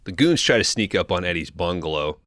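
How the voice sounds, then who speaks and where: A man casually recapping a film plot on a podcast, loose and profane, acting out characters' lines in quick asides. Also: sits low, expressive, fairly bright tone, no echo, clean studio sound. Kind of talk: casual movie recap chat.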